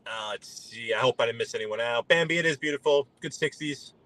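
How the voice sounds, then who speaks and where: While on the road in his car, a New York man casually addresses his live-stream viewers by name and rambles from topic to topic. His medium-pitched voice is fairly quick with a sharp tone, and the low-quality recording includes traffic and road noise.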